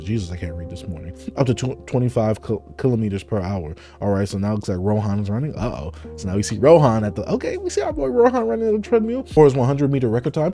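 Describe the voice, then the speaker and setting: A man's voice: lowish voice, dark tone. A man hosting a live comic reading, reacting animatedly and laughing often. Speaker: host reading a comic aloud.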